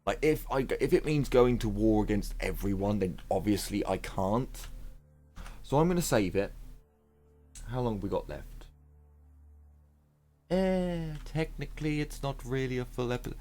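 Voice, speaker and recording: A man's voice: medium pitch, lively intonation, a little slow, long pauses, dark tone, soft background music. A man rambling and thinking aloud in casual let's play commentary, with the odd swear word. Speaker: gaming YouTuber.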